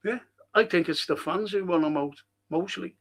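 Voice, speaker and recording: A Liverpool man with a gravelly edge and a fairly high voice rambles through stories and viewer comments. He swears freely, laughs at his own tales, and talks in a loose, casual stream-host way. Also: moderate pace, a bit bright. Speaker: host of a fan live stream.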